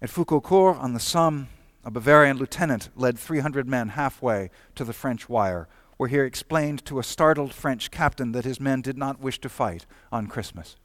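A man's voice: medium pitch, no room sound. Man narrating a history, dry close sound. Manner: measured, storytelling delivery. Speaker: documentary narrator.

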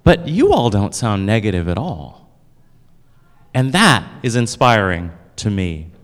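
A man's voice: on the low side, sing-song, a little slow. A man leading a church service, playfully asking the congregation questions and answering their replies. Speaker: pastor. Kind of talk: sermon. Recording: reverberant hall.

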